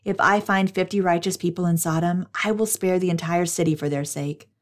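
A calm and merciful God answers in measured, steady words, read by a woman. The tone stays lowish and unhurried, as in an audio scripture reading. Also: close to an everyday voice.

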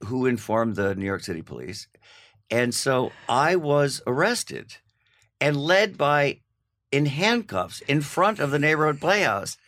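Man, middle-aged, casual storytelling, animated, mid pitch. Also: unhurried. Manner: animated anecdote with laughs and restarts. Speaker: guest.

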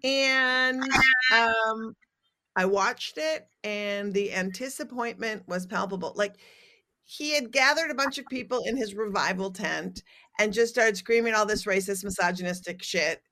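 A woman's voice: medium pitch, a little slow, bright, forceful tone. A middle-aged woman hosting a comedic talk show, telling stories in a wry, irreverent, profane way. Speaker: host. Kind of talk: casual comedic chat.

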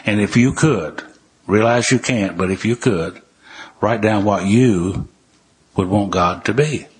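An older man with a drawl tells folksy recovery stories with dry humor. His voice sits fairly low and has a heavily husky, breathy texture. Now and then he reads passages from a book aloud. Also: unhurried. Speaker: recovery speaker.

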